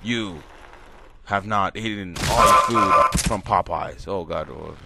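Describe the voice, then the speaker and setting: A man voicing a sinister male killer villain who announces deadly tests in slow, menacing pronouncements, over loud game sounds. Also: low-pitched, vocal fry, exaggerated voice. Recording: loud game noise behind.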